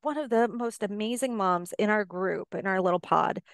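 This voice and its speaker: A woman's voice: mid-range voice, moderate pace, dry recording, studio quality. A middle-aged woman, a life coach guest on a podcast, talking casually and giving earnest, encouraging advice.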